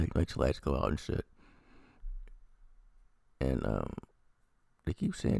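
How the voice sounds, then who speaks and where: A man's voice: rumbling low, very animated, normal speed, gravelly, long pauses, warm tone, dry recording, clean studio sound. A man giving a rambling, profane, casual recap and review of a TV episode. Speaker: TV review vlogger.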